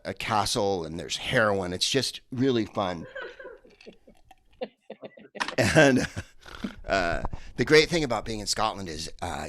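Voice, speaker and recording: Low-voiced man rambling through stand-up. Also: a bit bright, slight background noise. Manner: rambling, hesitant delivery with many fillers. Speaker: comedian. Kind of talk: stand-up comedy set.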